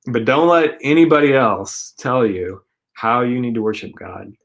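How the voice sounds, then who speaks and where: A man's voice: medium pitch, moderate pace. A man co-hosting a casual faith talk show, speaking earnestly and rambling with many fillers. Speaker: co-host.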